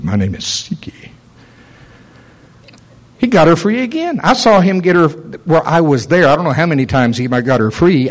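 Animated preacher man telling stories. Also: medium pitch. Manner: animated, acts out quoted voices. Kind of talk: sermon storytelling.

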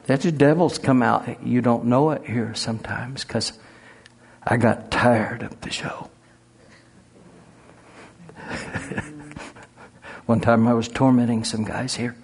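Folksy preacher with a gravelly voice. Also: male voice, medium pitch, steady tone, moderate pace. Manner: folksy, humorous, laughs at his own stories. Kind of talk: sermon with storytelling.

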